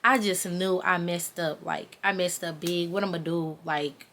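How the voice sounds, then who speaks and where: A woman's voice: on the low side, steady tone, unhurried, a bit bright, slight background noise. A young adult woman telling a personal story in a casual, chatty way, talking straight to her viewers. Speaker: vlogger.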